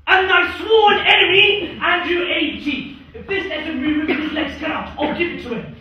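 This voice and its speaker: A student actor playing a boisterous, scheming drunken knight in a Shakespeare stage performance, loud and declamatory. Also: male voice, very high-pitched, normal speed, dull audio. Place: theatre stage. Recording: echoey hall from far off.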